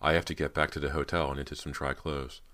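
A man reading a frightened teenage girl in an audiobook, raising his voice into pleading, shrill cries. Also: flat delivery, fast, fairly bright tone.

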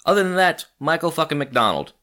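Animated, swearing man in casual chat. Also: fairly high pitch, fairly quick. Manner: animated, swears freely, laughs often. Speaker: podcast co-host.

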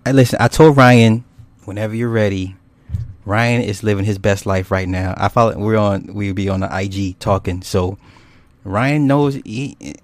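A man's voice: lowish voice, normal speed, long pauses, a little mellow, no echo. A man hosting a casual livestream, rambling and swearing loosely with frequent laughs as he reads viewer comments. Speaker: YouTube host.

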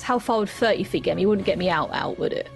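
A woman's voice: mid-range voice, fast, vocal fry, soft background music. A woman playing a tabletop game who talks eagerly and hedges with fillers as she describes her moves. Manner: eager, chatty, hedging with fillers. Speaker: player. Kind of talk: casual chat at a tabletop game.

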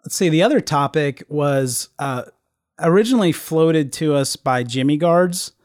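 A man hosting a podcast in casual chat, relaxed and quick to laugh. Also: fairly high pitch. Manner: relaxed, laughs often, halting restarts. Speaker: podcast host.

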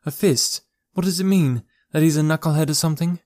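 A man's voice: a little high, a little fast, a little mellow, no room sound, clean studio sound, pitched above the performer's own voice, lightly acted. A man voicing a young woman in an audiobook, speaking in a mocking, taunting way. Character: young woman heroine, defiant and quick-tongued.

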